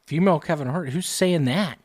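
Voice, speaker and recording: A man co-hosting a comedy podcast, delivering absurd jokes in a deadpan way. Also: fairly high pitch, a little fast, no room sound. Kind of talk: casual podcast banter.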